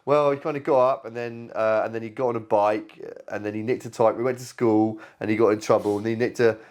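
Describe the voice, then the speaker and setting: A man co-hosting a casual podcast chat over beer in a shed, telling stories in a rambling, animated way and swearing freely. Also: on the low side, brisk. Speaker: podcast co-host. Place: garden shed.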